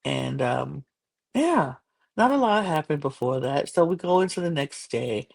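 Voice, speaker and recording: A woman recapping a show on her podcast in loose, casual chat. Her voice has a gravelly fry. She rambles, with frequent fillers and restarts. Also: low-pitched, animated, unhurried, darkish tone.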